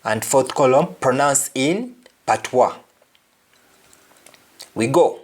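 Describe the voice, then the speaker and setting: A man giving a pronunciation lesson, speaking deliberately and saying each word twice to compare sounds. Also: mid-range voice, breathy edge. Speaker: language teacher.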